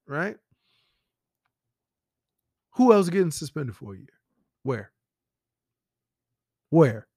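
A man with a slightly high voice talks straight into the mic in a casual podcast monologue. His delivery is blunt and profane, full of rhetorical questions. The sound is dry and close, with no room around it. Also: no room sound. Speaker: podcast host.

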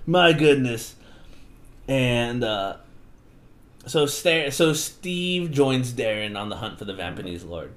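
A man's voice: mid-range voice, slow pace. A man in a casual podcast chat, recapping a book with swearing and acted-out quotes. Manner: animated, swearing, acts out quotes. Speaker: podcast host.

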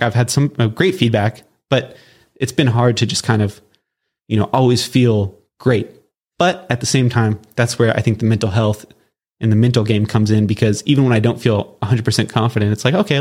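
A man's voice: mid-range voice, darkish tone. Casual rambling man hosting a podcast. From Southern California. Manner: casual, rambling, many fillers and restarts. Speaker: podcast host. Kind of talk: solo podcast reflection.

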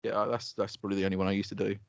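A man's voice: fairly low pitch, flat delivery, racing, gravelly, no echo. A man from the UK co-hosting a podcast, laid-back and teasing in sweary banter. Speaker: podcast co-host. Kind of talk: casual podcast chat. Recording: dry, slightly dull lo-fi audio.

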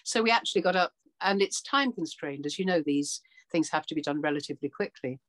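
An actress chatting casually, telling animated stories and acting out what people said. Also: female voice, low-pitched, a little fast, crowd noise. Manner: animated storyteller, acts out quotes, laughs often. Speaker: actor. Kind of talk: casual chat.

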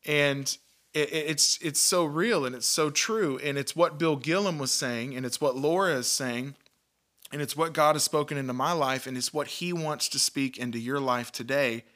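A man's voice: on the high side, normal speed, a bit bright. A man, hosting a devotional podcast in an earnest, emphatic way, often repeating words and restarting sentences. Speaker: podcast host, Christian teacher.

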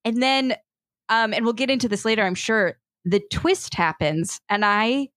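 A woman's voice: fairly high pitch, normal speed, fairly bright tone, no echo, clean studio sound. A young woman co-hosting a casual chat podcast, hesitant with many fillers and laughs. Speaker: podcast co-host.

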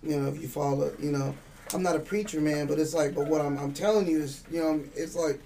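A man's voice: fairly high pitch, fairly even intonation, a little fast, creaky, warm tone, far from the mic, slight background noise. A man telling a spiritual story in casual chat, rambling and profane, acting out the dialogue. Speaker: guest.

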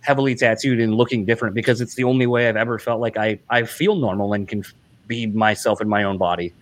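A man's voice: fairly low pitch, steady tone, fast. A man in his late thirties from Delaware, speaking earnestly and bluntly about himself in a casual podcast conversation. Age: late 30s. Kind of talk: casual chat.

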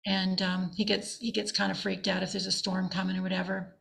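A woman's voice: medium pitch, brisk, gravelly, low-quality recording. A woman from Canada, a singer-songwriter guest, telling stories eagerly in a casual interview chat. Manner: animated, eager storytelling.

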